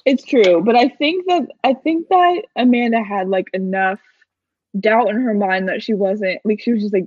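A woman's voice: medium pitch, dry recording. A woman co-hosting a podcast, chatting enthusiastically in a casual fan recap. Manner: animated and enthusiastic, quick asides with laughs. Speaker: podcast co-host. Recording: dry, dull lo-fi recording.

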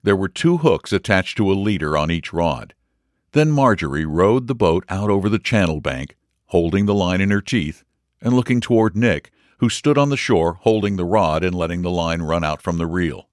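A man reading a story aloud in a measured, expressive narration. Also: sits low, no echo, studio quality. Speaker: audiobook reader. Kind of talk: scripted narration.

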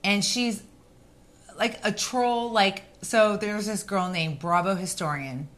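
A woman's voice: medium pitch, takes it slowly, fairly bright tone. Chatty, emphatic woman co-host. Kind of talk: casual podcast chat.

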